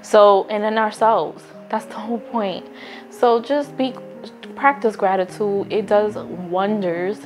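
A woman's voice: mid-range voice, steady tone, takes it slowly, a little mellow, faint music behind. A woman talking straight to her phone camera in a casual, earnest vlog, encouraging viewers and often stopping to restart a thought. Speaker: vlogger. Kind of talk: casual motivational talk to camera.

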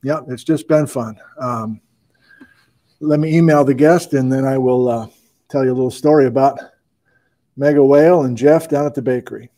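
A man's voice: mid-range voice, normal speed, mellow. A man hosting a casual livestream, upbeat as he greets viewers and reads out where they are watching from. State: out of breath. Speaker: host.

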